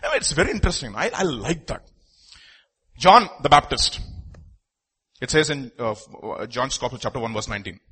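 Animated preacher, husky and bright. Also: male voice, medium pitch, brisk, long pauses. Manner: animated, rhetorical questions, repeats phrases. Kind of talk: sermon.

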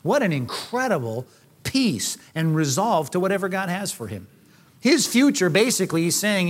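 A man preaching a sermon, conversational and animated, acting out voices from the scripture. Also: high-pitched, moderate pace. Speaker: pastor.

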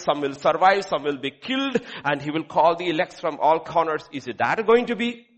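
Animated man preaching a sermon. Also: fairly high pitch, normal speed, hardly any pauses. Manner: preaching with rising emphasis and rhetorical questions. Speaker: pastor.

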